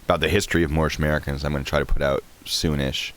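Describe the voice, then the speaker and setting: A man's voice: a bass voice, little pitch movement, very fast, a little hiss or hum. A man in his thirties hosting a live stream, chatting casually and rambling while answering chat questions.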